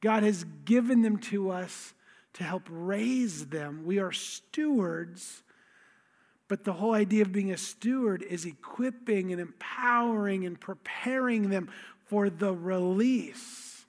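A man preaching a sermon as a pastor, in a lively, conversational, storytelling way. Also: high voice, takes it slowly. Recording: long reverb of a large hall.

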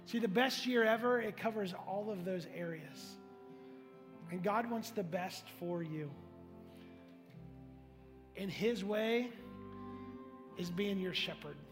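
A man's voice: high-pitched, in a large hall. A male pastor preaching and leading a prayer, earnest and pleading, repeating his phrases. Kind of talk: sermon closing into prayer.

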